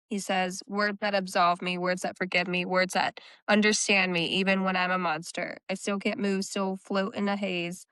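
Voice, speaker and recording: A woman's voice: medium pitch, level tone, a little slow, hardly any pauses, fairly bright tone, clear, resonant tone, no echo. A woman co-hosting a book podcast, recapping chapters in casual chat and quoting the characters' lines in her own voice.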